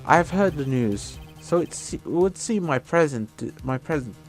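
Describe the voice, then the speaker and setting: A man voicing a calm, polite male assassin in a game, speaking in a measured, quiet, formal way. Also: a little high, soft background music, voice pushed up. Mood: cold.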